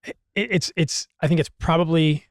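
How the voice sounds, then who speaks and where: A man's voice: fairly high pitch, steady tone, normal speed, no echo, clean studio sound. A man who is a doctor, explaining things as a guest on a podcast. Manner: explanatory, slight restarts. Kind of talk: explanatory conversation.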